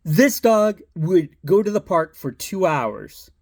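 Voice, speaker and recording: A man's voice: high-pitched, very animated, slow pace, darkish tone, no room sound, clean studio sound. A middle-aged man telling a personal story in a rambling, casual way, swearing and laughing as he goes. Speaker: vlogger.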